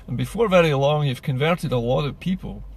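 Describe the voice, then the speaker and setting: A man's voice: on the high side, a little fast, slightly rough. A man, speaking in an earnest, persuasive political monologue full of rhetorical questions. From Scotland. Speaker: political commentator.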